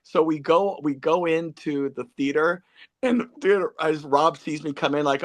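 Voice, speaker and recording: Animated male podcast host telling stories. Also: a little high, unhurried. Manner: animated storyteller who addresses listeners as folks. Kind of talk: casual reminiscing interview.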